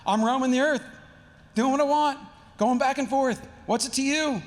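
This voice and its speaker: A man's voice: extremely high pitch, moderate pace, big-room sound, voice pushed up. A man doing a sarcastic teenage-sounding adversary. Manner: sarcastic, dismissive. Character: sarcastic male adversary spirit, teenage attitude.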